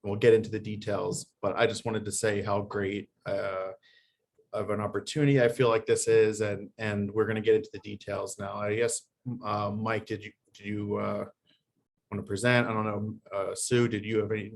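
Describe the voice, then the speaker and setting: Man chairing a club meeting, halting. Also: fairly low pitch, little pitch movement, gravelly, slight background noise. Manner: halting, many fillers and restarts.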